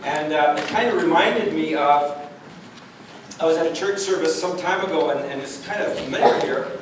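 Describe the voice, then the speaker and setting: A man's voice: a little high, moderate pace. A man moderating a candidates' forum, speaking to the audience and telling jokes between the formalities. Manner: jokey, tells anecdotes to the crowd. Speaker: debate moderator. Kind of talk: public forum hosting. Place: large hall, recorded from far. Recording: echoey hall from far off, noisy.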